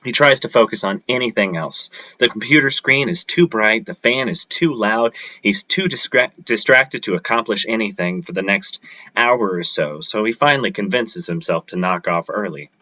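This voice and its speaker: Brief: man reading his own fiction at an open mic, low and bright, steady delivery, dull livestream audio. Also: normal speed, no room sound.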